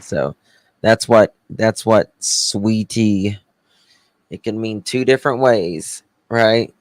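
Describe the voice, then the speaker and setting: Man, livestream host, tired, chatty, thanks viewers, slow, dry sound. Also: lowish voice, no echo. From Southern US. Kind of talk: casual livestream chat with viewers.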